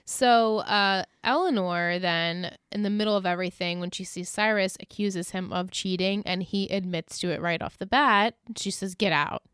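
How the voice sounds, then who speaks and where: Smooth-voiced woman recapping a show. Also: medium pitch, moderate pace, few pauses, dry recording, clean studio sound. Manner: animated retelling with quoted character voices, laughing often. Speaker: podcast co-host. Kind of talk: casual recap chat.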